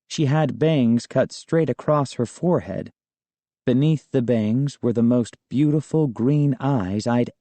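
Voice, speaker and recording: A male narrator reads a children's storybook in a calm, measured way. His voice is dark and mellow and his pace is slow, in a dry, close recording. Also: mid-range voice, no echo. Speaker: audiobook narrator. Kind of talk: scripted first-person storybook narration.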